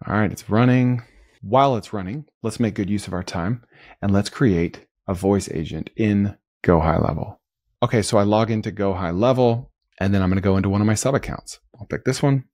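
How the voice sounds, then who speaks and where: A host with a slightly low voice narrates a screen-recorded tutorial in an upbeat way, explaining each click as he goes. He talks at a normal speed with a slightly mellow tone, and the close, dry sound carries no echo or room.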